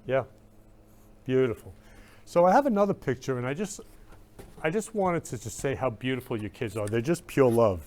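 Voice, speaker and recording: A man's voice: mid-range voice, expressive, normal speed, long pauses, darkish tone. Effusive man gushing "love you" repeatedly. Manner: emotional, gushing. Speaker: host. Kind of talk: live-stream talk show chat.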